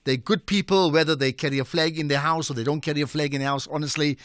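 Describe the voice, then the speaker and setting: A man's voice: fairly high pitch, fairly even intonation, fast talker, a bit bright, no room sound. A man hosting a radio talk show, talking in an emphatic, conversational way and repeating words as he thinks. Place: radio studio.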